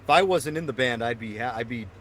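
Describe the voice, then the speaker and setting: A man's voice: medium pitch, fast talker, a bit bright, slight background noise. A man co-hosting a casual podcast, telling band stories with laughter and impressions of friends. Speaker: podcast co-host and band member. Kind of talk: casual chat.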